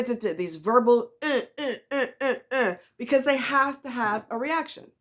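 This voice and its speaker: A woman talking casually to the camera, giving blunt relationship advice in a sassy way and acting out what other people say. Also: fairly high pitch. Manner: blunt, sassy, acts out quoted voices. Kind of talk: casual monologue.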